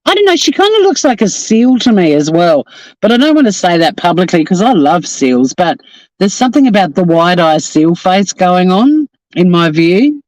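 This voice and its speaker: A man's voice: high voice, big pitch swings, normal speed, darkish tone, dry recording, poor audio. A man with an Australian accent, from Tasmania, hosting a casual live stream outdoors on the coast, profane and joking as he chats. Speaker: livestream host.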